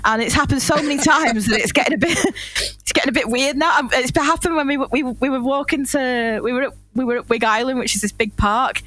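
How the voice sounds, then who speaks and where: A woman's voice: sits high, brisk, fairly bright tone, no room sound. A young woman, co-hosting a casual podcast chat and telling a story in a rambling, laughing way full of restarts. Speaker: podcast co-host.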